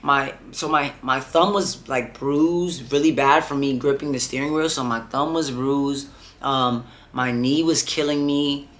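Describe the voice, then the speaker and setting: A young male vlogger tells a personal story in a casual, rambling way, leaning hard on "like" and "bro." His voice sits in the mid range, a little bright, with a steady tone and an unhurried pace.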